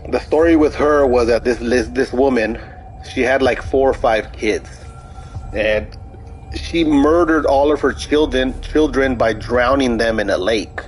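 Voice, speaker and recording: A man's voice: medium pitch, slight background noise, rough recording. Rambling, profane young male gamer. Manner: rambling, profane storytelling with many restarts. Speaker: gaming streamer. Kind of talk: casual chat over gameplay.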